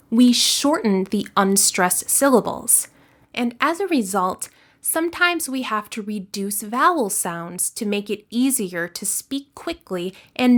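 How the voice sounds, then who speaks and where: A woman with an American accent, an English teacher giving a scripted lesson with clear, deliberate explanations. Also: medium pitch, a bit bright.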